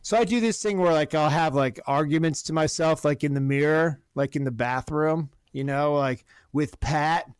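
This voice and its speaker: A man telling a long profane story about his neighbor in casual podcast chat, animated and blunt. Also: on the high side, normal speed, few pauses, smooth, dry recording, clean studio sound. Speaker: podcast host. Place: Oregon.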